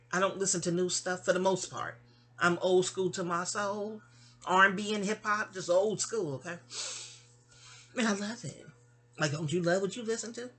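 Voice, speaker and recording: A woman's voice: medium pitch, sharp tone, slightly rough. A middle-aged woman chats into her phone at home, telling a long personal story. She wanders off on tangents and keeps circling back to her point with casual asides. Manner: rambling, digressive and chatty, with asides. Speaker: vlogger.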